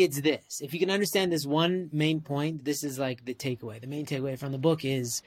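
A Canadian man in his forties, chatting casually and telling animated stories as host, with lots of "like" and "right?". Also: fairly high pitch. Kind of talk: casual chat.

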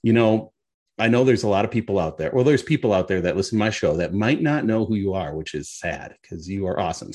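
A man's voice: lowish voice, expressive, fast, a little mellow, no echo. A man hosting a podcast, talking in an upbeat, chatty, folksy way. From US Midwest. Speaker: podcast host. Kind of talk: casual podcast chat.

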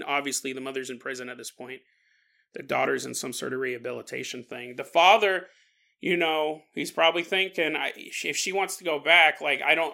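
This podcast host has a slightly high, sharp-toned male voice. He tells a paranormal story for laughs, rambling, joking, and slipping into mock voices.

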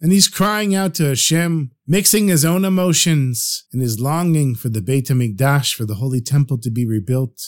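A man's voice: medium pitch, moderate pace, hardly any pauses. A man narrating a story aloud, acting out the characters with feeling. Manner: expressive, acts out characters' pleas.

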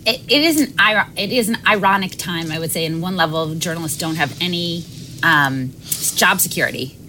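A woman's voice: on the low side, a little fast, noisy background. A woman interviewer asking long, chatty questions, hedging with "sort of" and "um".

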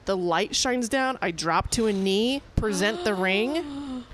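A woman's voice: mid-range voice, slow, heavy background noise. A woman guest on a podcast, casually telling a long story and acting out what people said, with many fillers. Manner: animated, acts out quotes, lots of "like". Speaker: podcast guest, event producer.

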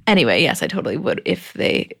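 A woman's voice: deep voice, big pitch swings, fast talker, creaky, husky. A woman co-hosting a podcast, chatty and casual, recapping with fillers and laughs. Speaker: podcast co-host. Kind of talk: casual chat and ad read.

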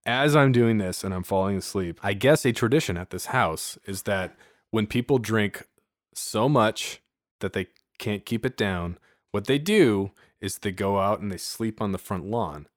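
A man's voice: on the low side, expressive, a little slow. A man on a podcast telling a rambling party story in casual chat, swearing, laughing and acting out what people said. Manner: profane, laughing, acts out quoted voices.

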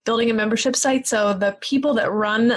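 A woman's voice: on the high side, fairly even intonation, a little fast, low-quality recording. A woman hosting a podcast interview in a friendly, upbeat conversational way. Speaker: podcast host. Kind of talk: casual interview chat.

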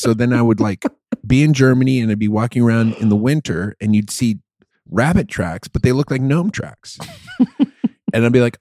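A man with a mid-range voice whose pitch swings widely, telling stories with jokes and bursts of profanity. The sound is dry and close, with almost no room. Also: normal speed, no room sound. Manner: animated, joking, profane rants. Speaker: podcast co-host. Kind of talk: casual chat.

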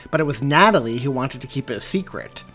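A man's voice: mid-range voice, expressive, fast, a bit bright, soft background music. A man voicing a hopeful, awkward young man in an audiobook reading. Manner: hesitant, hopeful.

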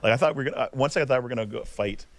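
A middle-aged man, a hockey video coach, telling animated, laughing anecdotes as a guest in a casual interview. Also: mid-range voice, racing, dry recording.

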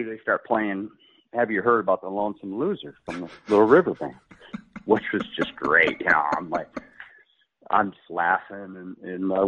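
A man's voice: deep voice, husky. A middle-aged man, a pro golfer, telling a story casually and acting out the quotes with laughs. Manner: animated, acts out quotes, laughs often. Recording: phone-like radio line.

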